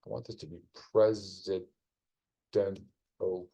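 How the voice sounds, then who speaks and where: A man's voice: low voice, little pitch movement, moderate pace, vocal fry, mellow, poor audio. A man casually commenting on a live stream as he solves a crossword, rambling through clues with wry asides. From United States.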